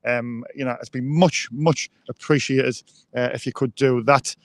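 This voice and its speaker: A man's voice: mid-range voice, fairly even intonation, unhurried, no echo. A man co-hosting a live football fan show, hesitant, with many ums and restarts. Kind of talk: live fan podcast chat.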